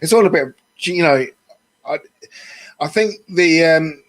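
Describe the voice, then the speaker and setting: Brief: guy, chatty and rambling, slightly high voice, talking through a phone on a video call. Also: measured pace. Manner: chatty, rambling, many fillers. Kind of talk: casual video call chat.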